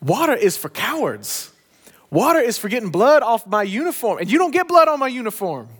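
A preacher playing a stern, domineering football coach. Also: male voice, high-pitched, lively intonation, moderate pace. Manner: scolding, emphatic.

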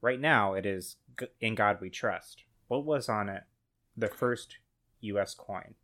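A man's voice: on the low side, measured pace, a bit bright. Laid-back man chatting on a comedy podcast. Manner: laid-back, lots of ums and likes. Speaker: podcast co-host. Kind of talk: comedic casual chat.

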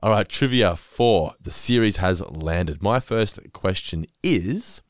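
Podcast host, male, very low voice, dry close sound, chatty quiz delivery. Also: animated, takes it slowly, no echo. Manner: chatty, stumbles and restarts, quizzes his co-host. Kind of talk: casual podcast chat.

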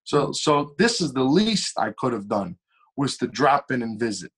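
A young man, a singer telling stories as a podcast guest in a lively, animated way. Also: moderate pace, slightly rough. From Long Island, New York. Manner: animated storyteller with shifting pitch and pace. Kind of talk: casual storytelling interview.

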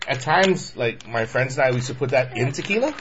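A man's voice: mid-range voice, fairly quick. A man hosting a casual snack-tasting chat with friends, rambling and laughing easily. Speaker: host. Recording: lo-fi with steady noise.

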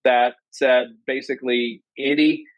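A man in his fifties, a former company president, telling his personal story as an interview guest in an earnest, animated way. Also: measured pace, dry recording, rough recording. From Ohio, USA. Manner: earnest, animated storyteller who acts out quotes in a higher voice.

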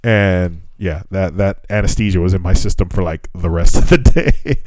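A man's voice: low-pitched, moderate pace, a little mellow, no echo. A man hosting a podcast, telling a profane, laughing story in casual chat. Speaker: podcast host.

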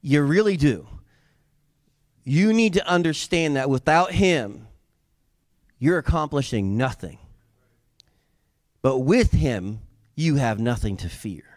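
A man preaching a sermon as a pastor, building to loud emphatic peaks and dropping into relaxed, joking asides to the congregation. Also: medium pitch, takes it slowly, long pauses, no echo, clean studio sound. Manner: conversational asides with humor.

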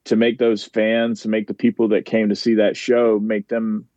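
A man's voice: lowish voice, little pitch movement, normal speed, a little mellow, no room sound, highs cut off. A man, a professional wrestler, chatting as a podcast guest, rambling with easy laughs and dropping names of fellow wrestlers. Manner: rambling, laughs easily, name-drops peers. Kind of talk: casual podcast chat.

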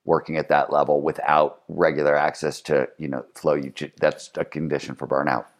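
A man's voice: very deep voice, flat delivery, a little fast. A man hosting a podcast, talking in a thoughtful and reflective way. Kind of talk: casual conversational chat.

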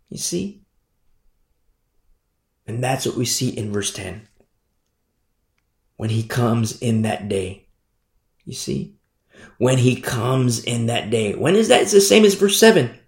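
A man's voice: medium pitch, animated, unhurried, pauses often, darkish tone, roomy sound. A male pastor preaching a fiery sermon and acting out scenes from scripture.

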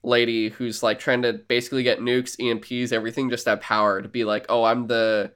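A man co-hosting a casual podcast, excitedly rambling through a recap with swearing and lots of fillers. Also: mid-range voice, fast talker, smooth. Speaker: podcast co-host.

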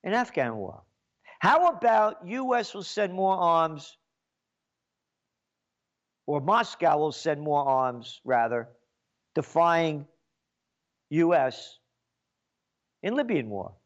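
A man's voice: on the high side, animated, takes it slowly, pauses often, lo-fi sound. A man giving an indignant, repetitive political rant as a commentator.

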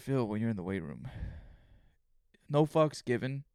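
A man's voice: medium pitch, measured pace, vocal fry, clean tone, no echo, clean studio sound. A young man hosting a solo podcast, telling stories with heavy swearing and acting out his own thoughts. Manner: profane, animated storytelling, acts out his own inner voice. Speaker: podcast host.

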